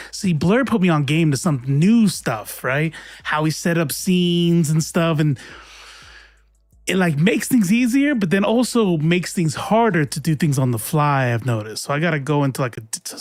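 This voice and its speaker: A young adult man hosts a casual livestream, chatty and laughing while he fumbles with his stream settings, swearing now and then. His voice is fairly high, captured with clean studio sound and no echo.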